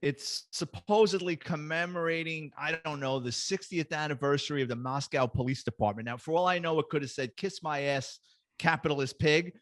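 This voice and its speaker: A middle-aged man, a retired police detective, telling lively, profane anecdotes as a guest in a casual chat. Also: on the high side, fairly quick, no echo.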